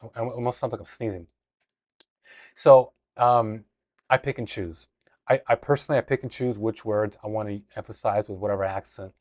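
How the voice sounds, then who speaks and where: Man, lowish voice, casual lesson video, dry close sound. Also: dry recording. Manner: relaxed, talks quickly with fillers and restarts. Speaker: language teacher.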